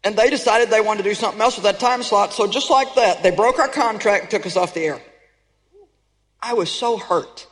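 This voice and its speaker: A woman's voice: medium pitch, quick pace, few pauses, big-room sound, poor audio. A woman preaching a sermon in an emphatic, conversational way, sometimes building to exclamations.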